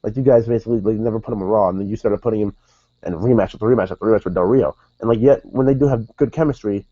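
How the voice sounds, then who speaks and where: A man with a fairly low voice talks very fast, giving a casual, rambling recap of a wrestling show he regularly reviews. He often corrects himself and says "dude" and "like" a lot. The recording is dry and lo-fi.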